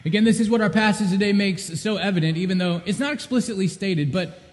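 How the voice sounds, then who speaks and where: A male pastor preaching a sermon with earnest emphasis, swinging from loud repeated cries down to low, intimate questions. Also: fast talker, in a large hall.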